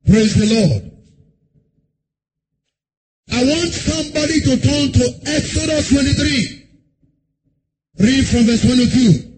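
Brief: high-pitched male preacher, sing-song and shouting delivery, noisy live church recording. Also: lively intonation, slow, pauses often. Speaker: pastor. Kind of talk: sermon.

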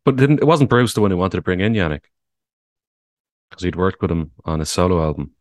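A man's voice: deep voice, expressive, a little fast, darkish tone, no echo. A man in casual podcast chat who muses and asks questions. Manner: questioning, musing.

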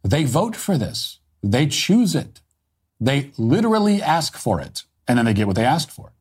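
A man's voice: mid-range voice, sing-song, moderate pace, a little mellow, slightly rough. A man delivering a cutting, emphatic scripted opinion monologue. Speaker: political commentator.

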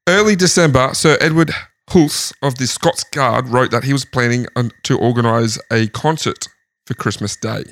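A man's voice: mid-range voice, moderate pace, fairly bright tone, dry recording. A man host casually telling a history story in a lounge room, laughing often. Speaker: podcast host.

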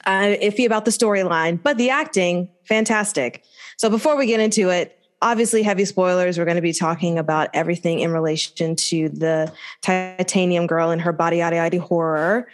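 Chatty lower-pitched woman podcaster. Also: steady tone, fairly quick. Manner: chatty, laughs easily. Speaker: podcast co-host. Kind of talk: casual chat.

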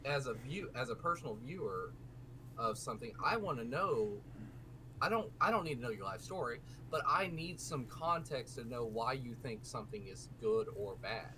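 Bright-voiced man, chatty podcast host. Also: mid-range voice, normal speed, low-quality recording. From American South. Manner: animated, digressive, restarts often. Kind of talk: casual gaming podcast chat. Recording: faint background noise.

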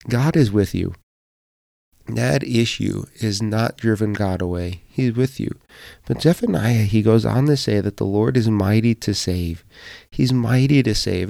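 A middle-aged man with a low, dark, gravelly voice delivers a podcast devotional. He sounds earnest and encouraging, conversational with plenty of fillers, recorded dry and close. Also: dry recording.

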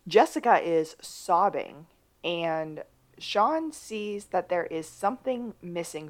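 Woman cohosting a recap podcast, voice jumps all over, high bits then low mutters. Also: slow pace. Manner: lively, swings between high bursts and low asides. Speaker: podcast co-host. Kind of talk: casual recap chat.

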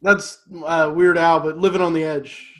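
A man hosting a podcast, trading crude quick quips in casual comedic banter. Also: a little high, little pitch movement. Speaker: podcast host.

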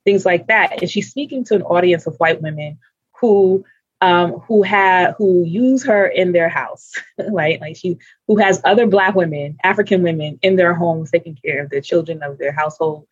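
Panel speaker, husky voice, earnest, restarts sentences, dry muffled recording. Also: mid-range voice, moderate pace, no room sound. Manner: earnest, searching for words, frequent restarts. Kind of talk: unscripted panel discussion. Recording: dull lo-fi recording.

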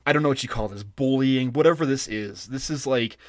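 A podcast co-host rants and swears through exasperated, casual chat. His medium-pitched voice moves briskly, recorded dry with clean studio sound.

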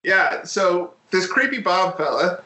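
A man's voice: sits high, lively intonation, unhurried, pushed and bright, slight background noise. A man chatting casually and telling stories with jokes, as the host of a talk show. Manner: joking, storytelling, puts on voices in quotes. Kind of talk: casual chat. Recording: roomy echo.

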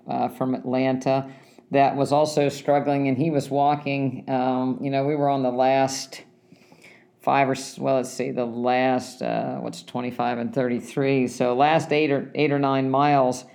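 A man casually telling a story about a race, rambling and halting, often restarting his sentences. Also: mid-range voice, creaky, a little mellow. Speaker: runner recounting a race.

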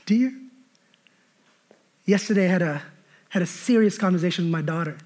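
A pastor preaching a sermon in church, building emphatically and slipping into relaxed storytelling with quoted dialogue. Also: male voice, high voice, quick pace.

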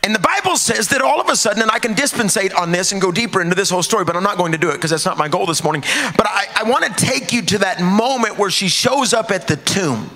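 A man preaching a sermon, swinging from hushed, quiet lines to shouted ones. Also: high-pitched, lively intonation, quick pace, few pauses, long reverb tail.

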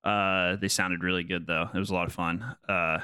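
A man's voice: low-pitched, little pitch movement, moderate pace, sharp tone, slight background noise. A man in casual chat with friends, telling about a concert in a laid-back, enthusiastic way.

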